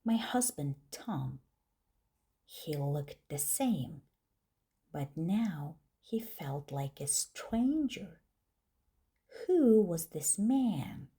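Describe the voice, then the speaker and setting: Slow, creaky female storyteller. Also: low voice, very animated, warm tone. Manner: slow, clear, deliberate reading. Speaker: narrator. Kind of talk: slow scripted story narration for English learners.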